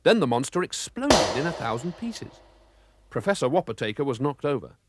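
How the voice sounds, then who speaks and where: A man narrating a children's storybook with a lively, expressive reading. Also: medium pitch, normal speed, heavy background noise.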